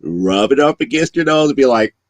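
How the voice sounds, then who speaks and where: A man's voice: medium pitch, lively intonation, brisk. A man co-hosting a casual chat podcast, full of teasing, joking banter. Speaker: podcast co-host.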